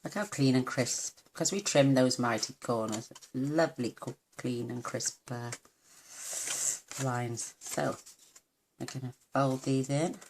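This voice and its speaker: A woman's voice: rumbling low, noisy background. A woman giving a chatty, homely papercraft tutorial at her craft table, full of self-deprecating asides. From United Kingdom. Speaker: papercraft demonstrator.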